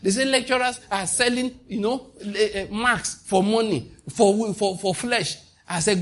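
Fervent Nigerian preacher, a man with a raspy, raised-pitch voice, at the pulpit. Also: moderate pace, hardly any pauses. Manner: impassioned, mixing in pidgin asides. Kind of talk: sermon.

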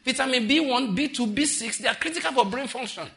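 A man's voice: extremely high pitch, quick pace, fairly bright tone. A man preaching a sermon as a pastor, scolding and mocking, repeating phrases for effect.

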